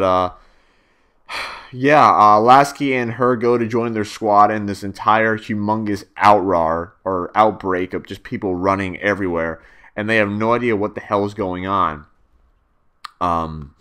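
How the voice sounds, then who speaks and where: A man's voice: on the low side, fairly bright tone, clean tone. A young man giving a casual spoken video review, rambling with many fillers and restarts and swearing freely.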